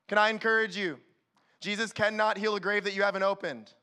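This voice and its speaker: A man preaching a sermon as youth pastor, animated and acting out quick little voices to the room. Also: high voice. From California.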